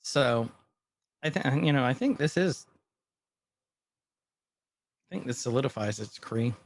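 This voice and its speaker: Man, casual podcast co-host, rambling recap, mid-pitched voice. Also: expressive, gravelly. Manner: rambling, retells scenes with quick quoted lines. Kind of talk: casual chat recapping a TV episode.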